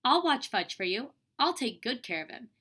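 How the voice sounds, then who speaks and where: Woman reading as bossy know-it-all girl, raised bright voice, eager and wheedling, storybook read-aloud. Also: fairly high pitch, very animated, normal speed, husky, pitched above the performer's own voice, exaggerated voice. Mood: pleading.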